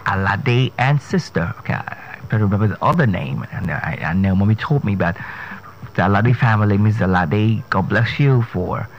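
A man's voice: fairly low pitch, animated, normal speed, vocal fry. A man, a speech coach giving an emphatic pronunciation lesson, repeating and spelling out words. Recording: dull lo-fi sound with faint noise.

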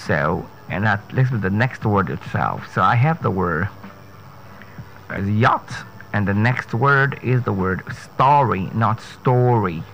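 A man's voice: on the low side, expressive, normal speed, gravelly, few pauses, fairly bright tone. A man, a speech coach giving an emphatic pronunciation lesson, repeating and spelling out words. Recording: dull lo-fi sound with faint noise.

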